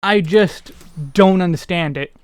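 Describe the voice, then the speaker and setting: High, smooth-voiced American streamer. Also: male voice, measured pace, no room sound. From United States. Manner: rambling, self-deprecating chatter. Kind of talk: casual gameplay commentary.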